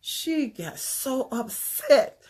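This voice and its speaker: A woman telling a personal story in a conversational talk, animated and earnest, drifting into preachy asides. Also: sits high, extremely slow, slightly rough. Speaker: speaker sharing a personal story. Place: Chicago area.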